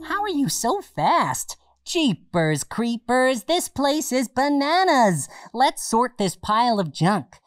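A woman's voice: fairly high pitch, sing-song, slow, hardly any pauses, no room sound, clean studio sound. A woman voicing Dusty, a bubbly giggly dog. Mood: excited. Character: cheerful playful dog, eager and curious. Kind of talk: children's educational show.

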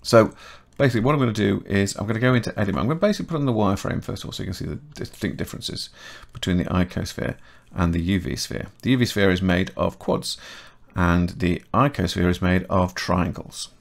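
A middle-aged man with a chatty, self-correcting manner, talking through a software modelling tutorial step by step. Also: low voice, quick pace, gravelly, few pauses. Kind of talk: casual screen-recorded software tutorial.

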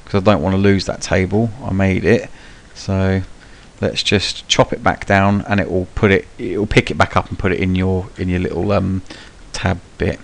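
Young man, lowish voice, gameplay tutorial commentary, rambling with lots of ums, cheeky and sweary. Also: level tone, moderate pace, creaky, few pauses. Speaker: gaming channel host.

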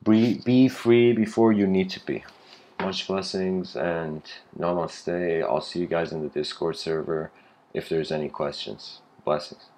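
A man's voice: low voice, measured pace, darkish tone. A man giving an improvised spiritual lecture, rambling with frequent restarts and casual asides. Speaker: spiritual speaker.

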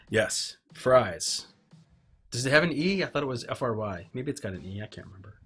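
A man's voice: medium pitch, lively intonation, moderate pace, a bit bright, breathy edge. A man hosting a casual live stream, rambling and joking with himself as he works at his workbench. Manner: rambling, self-mocking, talks to himself while tinkering. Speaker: livestream host. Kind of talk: casual live-stream chat while working. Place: home workbench.

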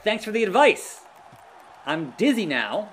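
Male let's-player, high and lively, unhurried between outbursts, reacting loudly to play. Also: slight background noise. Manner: excitable, groans and yells at the action. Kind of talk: live gameplay commentary.

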